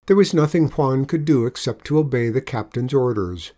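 Man gently reading a storybook. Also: medium pitch, moderate pace. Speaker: narrator.

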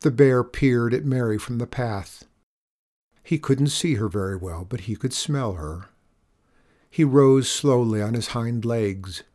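A man narrating a children's storybook aloud in a gentle, expressive way. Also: medium pitch.

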